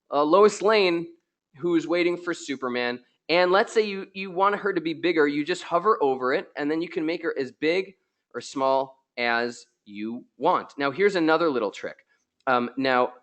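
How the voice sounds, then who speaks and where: A man hosting a live software tutorial, excitable and chatty, joking with his viewers, a little tired from being ill. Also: on the high side, moderate pace. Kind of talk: live screen-share tutorial.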